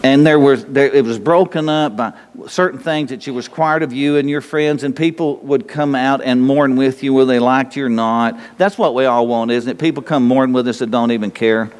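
A man's voice: mid-range voice, normal speed, clean tone, big-room sound. A man preaching a sermon, emphatic and rambling, pressing his listeners with repeated questions. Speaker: pastor.

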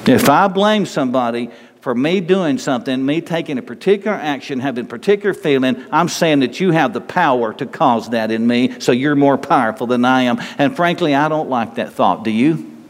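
A man's voice: medium pitch, expressive, a little fast. An older man preaching a sermon as pastor, emphatic and repetitive, asking the congregation rhetorical questions. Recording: long reverb of a large hall.

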